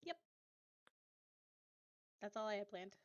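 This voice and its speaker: Soft-spoken woman player, lo-fi mic. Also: mid-range voice, lively intonation, slow pace, dry recording. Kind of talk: casual tabletop game talk.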